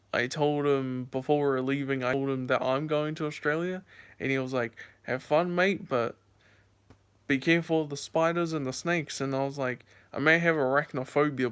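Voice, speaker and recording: Young guy vlogging, rambly and casual, smooth clear voice. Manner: rambling storyteller, lots of "like" and "um"; voice jumps high and squeaky when acting out scares. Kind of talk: casual chat to camera.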